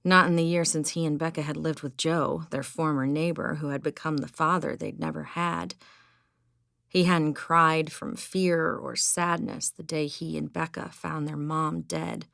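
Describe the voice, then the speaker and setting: A woman narrating an audiobook in a measured, even storytelling manner on a close studio mic. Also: low-pitched, vocal fry, dry recording. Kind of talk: scripted narration.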